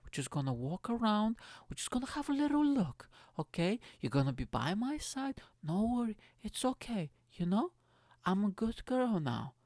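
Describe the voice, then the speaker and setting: A man's voice: high-pitched, very animated, normal speed, a little mellow, no room sound, clean studio sound, pitched above the performer's own voice. A man putting on a crude Scouse shopaholic girlfriend. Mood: coaxing. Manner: coaxing, crude, swears constantly. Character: pushy sweet-talking young woman dragging her man shopping.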